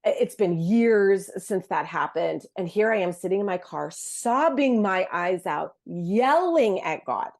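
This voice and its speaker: A woman's voice: medium pitch, expressive, measured pace, few pauses, a little mellow. A woman, a guest on a Christian podcast, telling a personal faith story in an earnest, heartfelt way, often restarting her sentences. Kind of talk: casual Christian podcast conversation.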